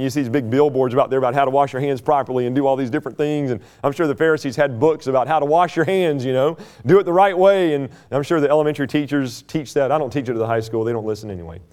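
A middle-aged man preaching a Bible-teaching sermon in a conversational way, mocking opponents in quick asides. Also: medium pitch, a little mellow, clear, resonant tone.

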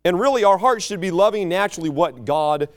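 A man, preaching a sermon that moves between soaring exhortation and low, chatty family stories. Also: lively intonation, a little fast. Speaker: pastor.

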